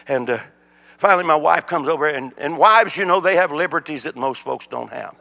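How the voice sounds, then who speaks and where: Older guest preacher, folksy storyteller, high gravelly voice. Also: male voice, quick pace, sharp tone. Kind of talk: sermon. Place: church sanctuary. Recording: church hall reverb.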